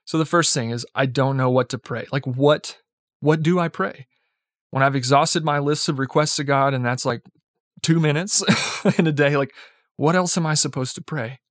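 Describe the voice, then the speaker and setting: A young man delivers a casual, chatty sermon in a slightly higher voice, sprinkling in "like" and "right?" and chuckling lightly as he goes. The sound is close and dry. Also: moderate pace, dry recording. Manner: conversational, peppered with "like" and "right?"; chuckles lightly while speaking. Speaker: preacher.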